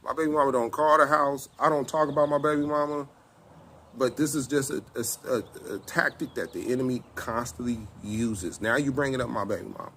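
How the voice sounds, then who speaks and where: A middle-aged man, telling a personal testimony in casual, animated speech and acting out both sides of an argument. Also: medium pitch, fairly quick, a little hiss or hum. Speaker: self-styled apostle telling a personal testimony.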